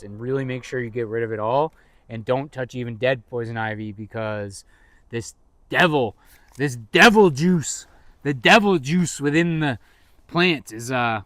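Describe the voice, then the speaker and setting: A man's voice: mid-range voice, no room sound. A man co-hosting a podcast in casual chat, rambling and teasing his co-host with jokes.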